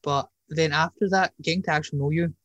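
A man's voice: a little high, steady tone, quick pace, a bit bright, no room sound, muffled recording. A young man hosting a podcast in casual chat, slangy and teasing, often breaking into laughter. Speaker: podcast host.

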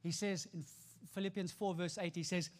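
A man's voice: sits high, steady tone, normal speed. A man preaching a sermon to a congregation, emphatic, repeating phrases and calling for responses. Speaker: pastor. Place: church stage before a congregation. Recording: long hall reverb.

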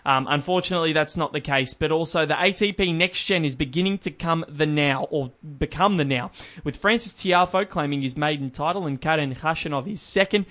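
A young man hosts a casual chat about sport. His voice sits a little high, and he rambles on, circling back with restarts and fillers. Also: brisk, a bit bright. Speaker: podcast host.

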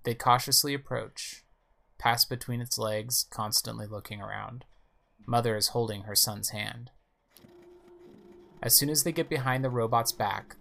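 A man's voice: mid-range voice, gravelly, a bit bright. A man reading a story game's text aloud, with casual asides on the pictures. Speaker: game player narrating.

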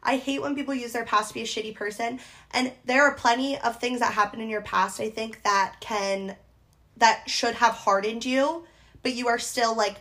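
A woman's voice: a little high, steady tone, moderate pace, a bit bright. A young woman co-hosting a podcast, talking frankly and teasingly, swearing casually. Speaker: podcast co-host. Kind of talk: casual chat.

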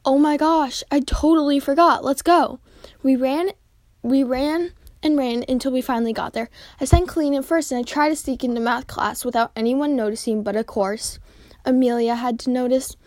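Woman, high voice, halting read-aloud of a homemade story, dry close recording. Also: darkish tone, dry recording. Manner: halting reading with frequent slips and restarts. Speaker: reader.

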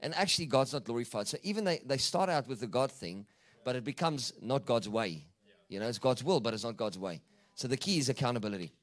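A man's voice: medium pitch, expressive, quick pace. A man speaks earnestly as a church panelist, in a plain preaching manner.

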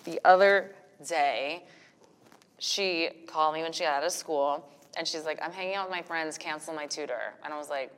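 A woman's voice: deep voice, moderate pace, in a large hall, a little hiss or hum. A woman guest telling stories frankly and with profanity in a casual interview. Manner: frank, profane, animated storytelling. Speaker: podcast guest, business owner and mother. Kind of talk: candid casual interview talk.

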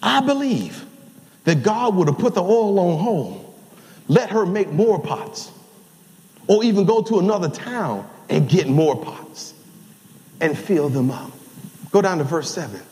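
An older man preaching a sermon as pastor, folksy and storytelling, rising to shouts at the high points. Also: expressive, measured pace, long pauses. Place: large church sanctuary. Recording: live church sound with long hall reverb.

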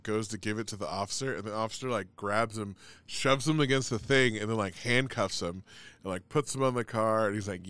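A man's voice: fairly low pitch, fairly bright tone, clean tone. A man in casual chat, telling a long story in a rambling way, full of "like" and swearing.

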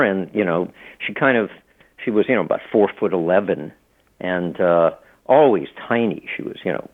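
A middle-aged man speaks in a fairly low voice, telling stories in a loose, rambling way full of fillers and restarts. He is a guest in a casual interview. The sound is thin and tinny, as if coming down a phone line. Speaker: author and law professor, guest.

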